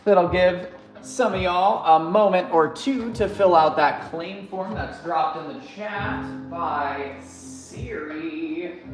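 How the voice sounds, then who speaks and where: A live-stream crystal seller chatting casually through a sales show, gushing and jokey, reading comments aloud and greeting viewers by name. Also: mid-range voice.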